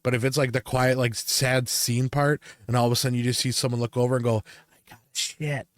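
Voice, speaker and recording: A man in a casual podcast chat, his voice sitting at a middle pitch. He rants with a lot of cursing and acts out the people in his story. The mic is close and dry, with no room sound. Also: quick pace, dry recording. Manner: profane, animated storyteller who acts out quoted people. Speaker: podcast co-host.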